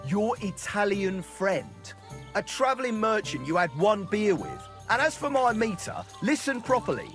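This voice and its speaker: Rowdy bawdy drunkard, mocking, lively high voice, music under. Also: male voice, normal speed. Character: crude jolly male drinking buddy. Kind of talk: video game voice acting.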